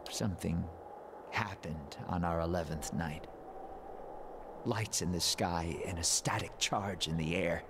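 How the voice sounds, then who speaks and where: A man voicing a hunched, decaying, half-mad male scholar in a game, speaking in broken, halting bursts. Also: low voice. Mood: haunted. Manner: broken, halting, fervent delivery. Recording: audible background hiss.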